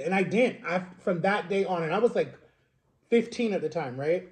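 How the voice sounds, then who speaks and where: A man's voice: sits high, lively intonation, fast, darkish tone. A man in his thirties, a vlogger telling his own life story in an earnest, rambling, emotional way, often checking in with "right?". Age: 30s. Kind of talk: personal storytelling to camera.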